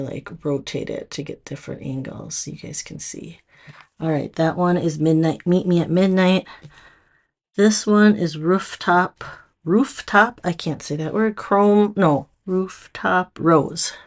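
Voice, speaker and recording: Slow, low-voiced Minnesotan woman. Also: steady tone, gravelly. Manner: chatty, loose, lots of fillers and restarts. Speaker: nail product stylist. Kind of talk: casual product showcase.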